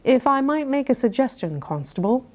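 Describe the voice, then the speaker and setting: A woman's voice: high-pitched, very animated, normal speed, voice pushed up. A woman doing a formal, haughty butler. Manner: haughty, respectful.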